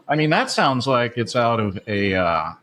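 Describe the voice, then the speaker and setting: A man's voice: mid-range voice, very animated, slow pace, fairly bright tone, a little hiss or hum. A man hosting a sports podcast in casual chat, chatty and full of "uh" fillers. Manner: chatty, many "uh" fillers, laughs at his own asides. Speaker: podcast host.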